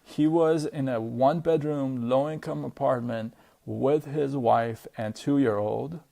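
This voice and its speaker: A man with a gravelly edge to his voice tells a personal story straight to camera. He talks in a loose, chatty way, stacking fillers and checking in with his viewers. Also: mid-range voice, slow pace, warm tone. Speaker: vlogger.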